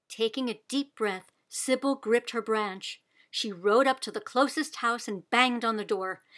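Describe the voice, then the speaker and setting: A woman reading a children's picture book aloud with expressive, deliberate storytelling. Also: a little high. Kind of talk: read-aloud storybook narration.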